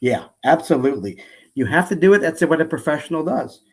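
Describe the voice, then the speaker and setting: A man's voice: on the high side, expressive, brisk, husky. A man hosting a casual interview who speaks in a chatty, eager way with frequent restarts. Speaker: podcast host.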